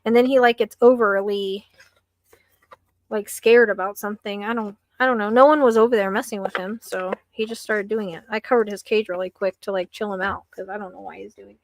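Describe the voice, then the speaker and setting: A woman's voice: mid-range voice, fairly even intonation, brisk, no echo. A young woman hosting a late-night psychic live stream from home, rambling with lots of fillers and sounding a little anxious.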